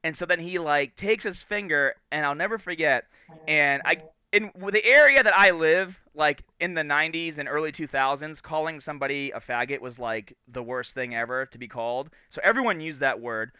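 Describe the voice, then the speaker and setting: A man in his thirties hosting a podcast, telling a story casually and in an animated way, acting out the quotes. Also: a little high, normal speed, clean tone, no room sound, highs cut off. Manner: animated storyteller, acts out quotes and laughs often. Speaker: podcast host.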